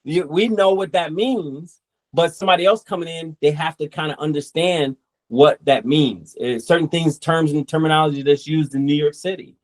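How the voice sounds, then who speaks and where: A man's voice: on the high side, normal speed. A man who created a comic book, talking casually in an interview and acting out what people say as he goes. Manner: relaxed, rambling, quotes people in asides.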